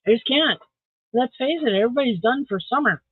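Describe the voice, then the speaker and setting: A woman's voice: a little high, lively intonation, fairly quick, husky, no echo. A tired woman hosting a casual livestream, chatting with viewers in a rambling, self-deprecating way. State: tired, yawning. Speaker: livestream host. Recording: tinny phone-like dry audio.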